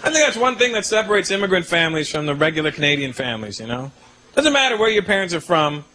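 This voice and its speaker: A man performing a stand-up comedy routine on stage, animated and conversational, building to punchlines. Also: sits high, fast talker. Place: comedy stage before a live audience. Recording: live show, loud audience laughter and noise.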